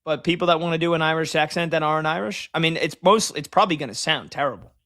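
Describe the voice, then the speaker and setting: A man's voice: fairly high pitch, quick pace, bright, forceful tone. A man co-hosting a sports radio show, rambling loosely and joking in casual banter.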